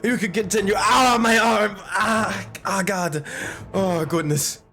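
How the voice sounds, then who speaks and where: A man's voice: sits high, slow, fairly bright tone, voice pushed up. A man voicing a melodramatic male warrior who fakes an injury, yelping and whining theatrically. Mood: wincing.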